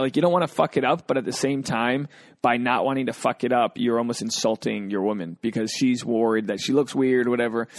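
A man's voice: mid-range voice, no room sound, clean studio sound. A young adult man hosting a casual solo podcast, joking loosely as he reads out and riffs on listener questions. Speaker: podcast host.

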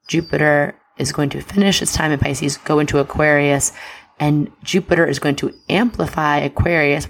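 A woman's voice: low-pitched, gravelly. A woman hosting an astrology podcast, talking in an impassioned, emphatic and chatty way with lots of fillers. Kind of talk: casual podcast monologue.

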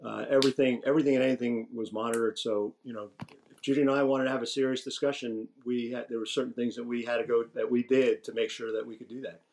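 A man's voice: medium pitch, quick pace. Man telling stories, casual and salty. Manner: animated, profane anecdotes with restarts. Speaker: podcast guest, retired general. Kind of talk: casual storytelling.

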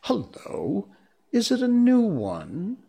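Guy putting on a cocky little boy, high and excitable, storybook read slow. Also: gravelly, breathy edge, heavily acted. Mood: eager. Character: eager boyish young Peter, self-absorbed.

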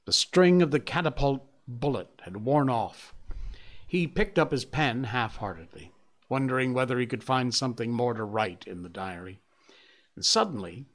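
A man hosting his own show, his voice rising and falling in a lively way with chuckling asides. He also reads a novel aloud in a quiet, measured tone. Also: medium pitch. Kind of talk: casual chat, then book reading.

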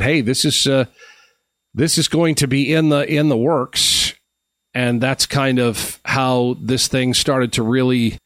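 A man's voice: mid-range voice, fairly bright tone, no room sound, clean studio sound. A middle-aged man from Canada, hosting a live stream and telling rambling, friendly anecdotes with lots of fillers and restarts. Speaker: host. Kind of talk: casual storytelling on a live stream.

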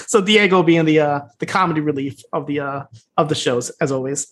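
A man's voice: a little high, a bit bright. A man co-hosting a podcast, loosely retelling an episode in casual chat and acting out the lines he quotes. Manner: fast, loose retelling with voiced quotes and laughs. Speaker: podcast co-host.

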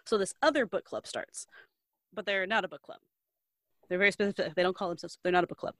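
A woman's voice: mid-range voice, fast, no echo. A young woman casually recapping a story to a friend, rambling, with lots of "like" and slangy asides. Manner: rambling, heavy use of "like", loose slangy asides. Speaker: podcast co-host recapping a book.

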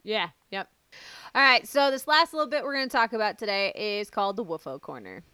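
A woman hosting a casual podcast interview, upbeat and quick to laugh. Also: mid-range voice, lively intonation, sharp tone, clean tone, no room sound. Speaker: podcast host.

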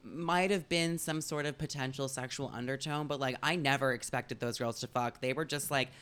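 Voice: medium pitch, steady tone, moderate pace, a bit bright, smooth. A young podcast co-host in casual chat, blunt and emphatic.

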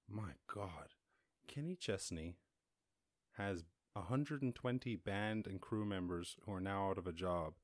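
An Irish man hosting a casual podcast, reading news stories aloud and reacting to them with loud exclamations. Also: fairly low pitch, no echo, clean studio sound. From Ireland. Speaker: podcast host.

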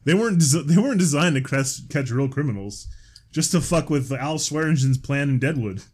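A man's voice: fairly high pitch, animated, fairly quick, a little mellow, husky. Man rambling dryly on a podcast. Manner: rambling, hesitant with many "uh" fillers, dry humor. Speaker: podcast co-host. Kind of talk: casual comedic podcast banter.

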